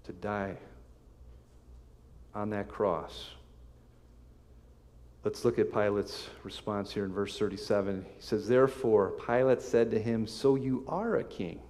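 Pastor guy preaching, lowish voice, lots of hall echo, gets loud then goes quiet. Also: steady tone, measured pace, pauses often. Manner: emphatic preaching, reads scripture aloud with sudden swells and drops. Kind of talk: sermon. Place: church sanctuary. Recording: long hall reverb.

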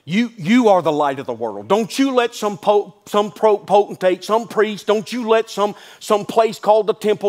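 High-voiced preacher man. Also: lively intonation, normal speed, few pauses, darkish tone, faint music behind. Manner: storytelling preacher, rising to emphatic declarations; folksy asides, calls listeners "son". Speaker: pastor. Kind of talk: sermon.

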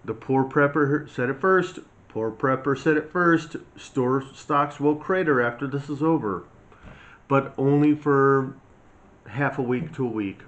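A man's voice: medium pitch, measured pace, fairly bright tone. A man ranting in a blunt, mocking, scolding monologue as a prepper vlogger. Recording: slightly dull lo-fi sound, faint hiss.

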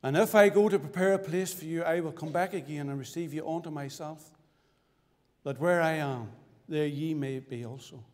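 A man from Northern Ireland giving his testimony as a sermon, with fervent preaching that swings sharply between loud and hushed. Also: on the high side, moderate pace. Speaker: testimony speaker at a church. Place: church hall. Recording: church recording with long reverb.

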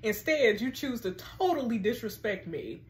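A woman's voice: a little high, very animated, moderate pace. A woman reading out the text messages of a defensive, accusing boyfriend, in a roomy, echoey space. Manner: read aloud from text messages. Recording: roomy echo.

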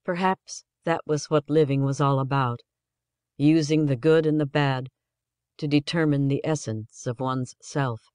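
A male audiobook narrator with a voice a little higher than most men's. He tells the story in an even, measured way. The recording is dry and close to the mic. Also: smooth, no room sound. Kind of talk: scripted narration.

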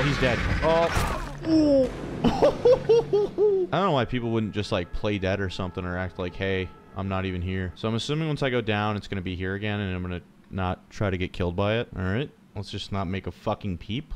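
A man's voice: low-pitched, a little fast, a little hiss or hum. A young man playing a horror game and commentating, jittery, swearing often and talking to himself. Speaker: gaming streamer.

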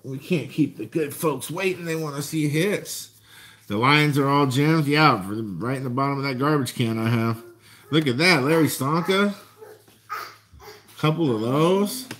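A man chatting casually to viewers while opening a box of trading cards. He gets excited and shouts over good finds. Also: a little high, a little slow. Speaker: card collector vlogger.

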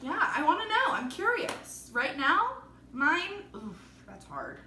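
A woman's voice: high voice, sing-song, takes it slowly, sharp tone, recorded from a distance. A young woman from Michigan, a guest on a casual vlog, bubbly and jokey, laughing easily. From Michigan, USA. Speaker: guest, video editor. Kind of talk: casual unboxing chat. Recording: echoey room, off-mic, faint noise.

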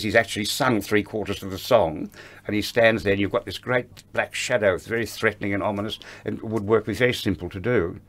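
An older man with a fairly low voice tells backstage anecdotes in an interview. He is a lively raconteur who slips into the voices of the people he remembers. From Australia. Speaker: interview guest, ballet veteran.

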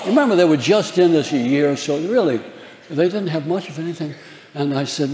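A man's voice: fairly high pitch, animated, brisk, a little mellow, a little hiss or hum. An older man on stage telling a live audience chatty, laughing anecdotes about his career, acting out the voices of the people he quotes. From New Orleans, Louisiana. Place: large theater. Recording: reverberant theater hall.

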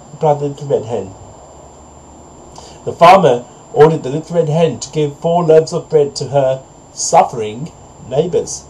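A man narrating a storybook fable in a measured, moralising way. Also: on the high side, dark tone, rough recording. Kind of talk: storybook narration, then preachy commentary.

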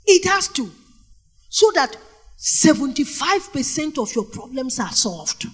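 A middle-aged Nigerian woman preaching a sermon, telling stories with animated energy and calling out questions to the congregation. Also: sits high, unhurried. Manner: animated storytelling with call-and-response questions to the congregation.

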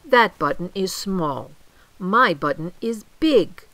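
A woman's voice: low voice, expressive, moderate pace, vocal fry, no room sound, heavily acted. An older woman voicing a fussy, grumpy male toad in a storybook reading, whiny and huffy. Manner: whiny, huffy, prone to wailing and shouting.

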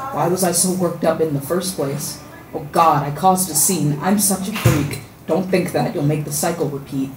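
A woman at an open mic, reciting her own spoken-word poem with a steady rhyming rhythm. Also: on the low side. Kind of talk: spoken-word poetry reading. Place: open mic venue indoors. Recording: echoey room from far off, noisy.

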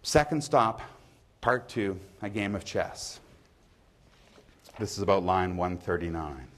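Low-voiced man lecturing. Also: takes it slowly, fairly bright tone. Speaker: literature professor. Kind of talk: university lecture. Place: university lecture hall.

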